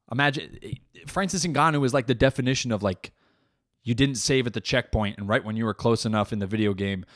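A man's voice: medium pitch, no echo, studio quality. Rambling, foul-mouthed young male comedian. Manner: rambling, heavy swearing. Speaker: comedian podcast host. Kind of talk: casual comedic monologue.

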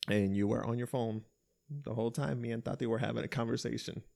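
Laughing man telling stories, gravelly voice. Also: mid-range voice, fairly even intonation, fairly quick, warm tone. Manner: laughing storyteller, acts out quotes with swearing. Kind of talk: casual chat.

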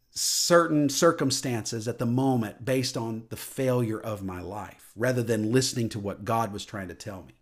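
A man giving a personal testimony into a microphone, telling a story earnestly and dropping soft and low at emotional moments. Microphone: studio microphone.

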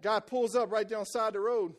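A man preaching a sermon as a folksy personal story, loud and emphatic. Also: sits high, fairly even intonation, normal speed. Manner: folksy storytelling, voices quoted people.

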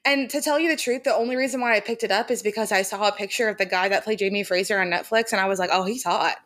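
A woman's voice: medium pitch, racing, fairly bright tone. A young woman co-hosting a podcast, chatting casually and gushing emphatically about a favorite book series, laughing often. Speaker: podcast co-host.

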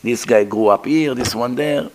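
An aged man giving a religious lecture, animated and conversational, acting out the sounds he describes. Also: medium pitch, normal speed, a little hiss or hum. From Middle East. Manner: animated, demonstrates throat sounds, conversational asides.

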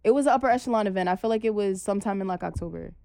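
Woman, podcast guest, fast chatty talk, agreeable, laughs easily, casual conversation. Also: mid-range voice, creaky, dark tone, no room sound, studio quality. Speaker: podcast guest, hookah business owner.

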